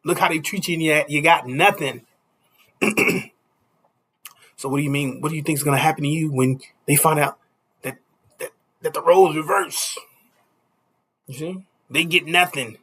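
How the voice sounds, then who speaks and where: Man preaching, kinda high voice, bright and forceful, keeps going "you see?". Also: normal speed, long pauses, slightly rough. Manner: preachy, repeats "you see?", chuckles between points. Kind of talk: street sermon.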